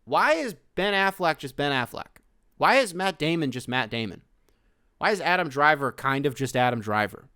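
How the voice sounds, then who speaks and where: A man's voice: medium pitch, clear, resonant tone, no room sound, studio quality. Profane ranting male podcast host. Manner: profane, animated ranting with loud outbursts. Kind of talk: casual solo rant.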